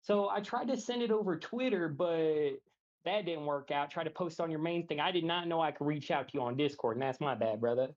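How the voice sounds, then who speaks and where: Guy calling in over a muffled call line, rushed, lots of "like". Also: a little high. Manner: rushed, calming, filler-heavy. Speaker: caller. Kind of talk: voice call on a stream. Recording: dull lo-fi call audio.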